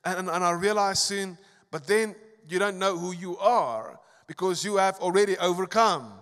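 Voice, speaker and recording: A man preaching a sermon as a pastor, swinging between emphatic, rising lines and quiet asides. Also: high voice, normal speed. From South Africa. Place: large church hall. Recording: long church hall reverb.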